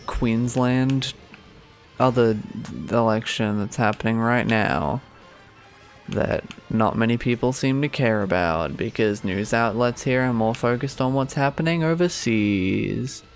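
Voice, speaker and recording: A young Australian man streaming a game, rambling sarcastically with many fillers. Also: medium pitch. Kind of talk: casual gaming commentary.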